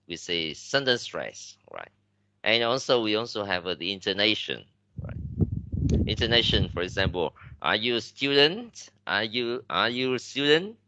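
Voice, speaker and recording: Low, bright-voiced Vietnamese man teaching. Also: no echo, highs cut off. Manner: switches between English and Vietnamese, many fillers and restarts. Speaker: English teacher. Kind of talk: classroom lecture.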